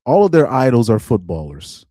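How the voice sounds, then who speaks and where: A man's voice: mid-range voice, very animated, moderate pace, mellow, dry recording, clean studio sound. A young man on a live stream reacting to articles, laughing often, repeating himself and restarting his sentences in casual chat.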